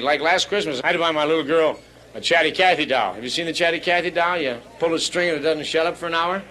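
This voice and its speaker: A man's voice: fairly high pitch, fast talker, sharp tone, poor audio. A man doing a crude stand-up routine in a nightclub, rambling brashly and bantering with the crowd. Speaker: stand-up comedian. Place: nightclub before a live audience. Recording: live club recording with audience. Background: audience laughter.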